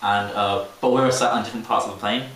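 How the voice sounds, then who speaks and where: A man's voice: fairly low pitch, fairly even intonation, fast, crowd noise. Young male podcast co-host, casual storyteller, roomy distant sound with faint hiss. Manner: rambling storyteller, laughs mid-sentence, mimics voices. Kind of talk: casual chat.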